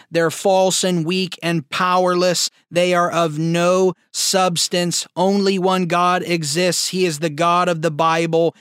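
A man preaching in a slow, deliberate cadence, pressing each phrase of scripture home. His voice sits high and comes across smooth and resonant. The recording is close and dry, with no room sound. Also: a bit bright, no echo. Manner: slow, emphatic scripture reading. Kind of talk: sermon.

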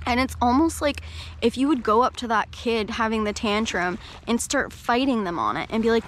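A woman coach and podcast host giving a reflective talk in a gentle, slow, soothing way. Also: on the high side, a little hiss or hum.

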